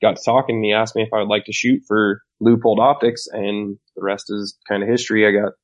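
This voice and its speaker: A man guest on a podcast, telling a story in a loud, outgoing, wisecracking way. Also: lowish voice, flat delivery, brisk. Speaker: podcast guest, competitive shooter. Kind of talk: casual storytelling. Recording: muffled lo-fi sound.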